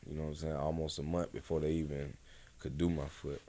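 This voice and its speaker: A man's voice: very deep voice, little pitch movement, quick pace, mellow. A man, a rapper guest on a casual podcast interview, telling stories in a laid-back, slangy, rambling way. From Atlanta, USA.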